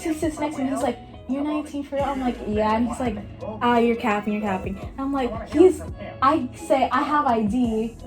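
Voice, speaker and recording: A high-voiced young woman from Miami, in her late teens, tells a casual storytime full of "like" and little impressions of what others said. Music plays clearly underneath her voice. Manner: rambling, lots of "like", acts out others' lines. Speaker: vlogger. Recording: music playing behind her.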